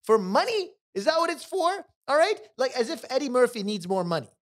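A man co-hosting a casual film-review podcast, talking in an animated way and pushing his points with rhetorical questions. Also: very high voice, a little fast. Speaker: podcast co-host.

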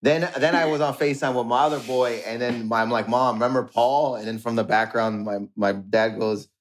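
A man, a comedian guest, telling family anecdotes in animated fashion and laughing often between lines. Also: medium pitch, a little fast, a little hiss or hum. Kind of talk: animated storytelling.

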